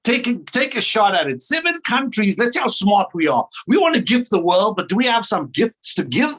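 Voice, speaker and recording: Man, South African accent, fairly high voice, playful and chatty, video call training session. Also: sing-song, moderate pace, a bit bright, slightly rough. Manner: playful, upbeat, chatty banter with attendees.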